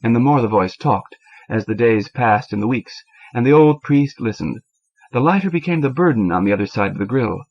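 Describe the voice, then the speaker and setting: A man narrates a short story in a measured, expressive reading. His pitch sits at an ordinary middle level. The sound is dull and lo-fi, like an old cassette transfer. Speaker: audiobook reader. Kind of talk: scripted narration.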